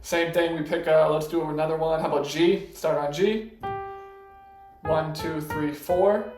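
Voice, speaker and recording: A man teaching a casual piano lesson, patient, explaining step by step and counting notes out loud. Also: a little high, steady tone, measured pace. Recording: echoey room with piano playing. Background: piano notes between lines.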